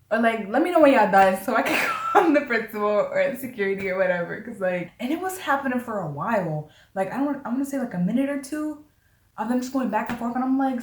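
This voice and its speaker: A woman vlogger casually telling a story, animated and laughing, acting out what people said. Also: fairly high pitch, quick pace, far from the mic, a little hiss or hum. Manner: animated, laughing, acts out quotes with "I was like". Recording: roomy echo, voice away from mic.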